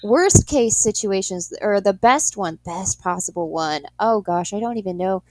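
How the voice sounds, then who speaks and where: A young adult woman, a guest, telling stories in an animated way, laughing a lot and acting out what people said. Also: mid-range voice, moderate pace, no echo. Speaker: guest, in-home pet euthanasia worker. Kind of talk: storytelling in an interview.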